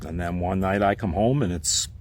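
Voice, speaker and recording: A man telling a personal story in a heated, rambling, profane rant, with sudden loud outbursts. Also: low-pitched, moderate pace, a little hiss or hum.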